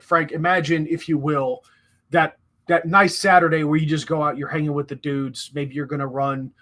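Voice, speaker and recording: A man in casual podcast chat, explaining his approach to training at length and sometimes cracking profane jokes. His voice is bright and forward, pitched a little above average. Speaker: podcast co-host, firearms instructor.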